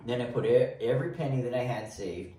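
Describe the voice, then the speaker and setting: A man's voice: mid-range voice, lively intonation, fast, mellow. Folksy man telling his story, echoey. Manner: rambling, folksy, restarts often. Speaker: interview guest giving testimony. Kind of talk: casual storytelling. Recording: echoey room, mic at a distance.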